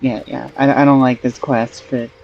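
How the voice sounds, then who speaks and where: A woman's voice: very deep voice, level tone, normal speed, vocal fry, a little mellow, muffled recording, faint music behind. A woman streaming a game, casual commentary, laughing and shrieking in disbelief.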